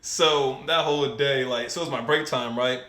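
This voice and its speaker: Young guy on a podcast, bright sharp voice, swears a lot, laughs thru his stories, echoey room. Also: medium pitch, normal speed. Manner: profane, animated, laughs often while telling stories. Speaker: podcast co-host. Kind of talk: casual storytelling chat.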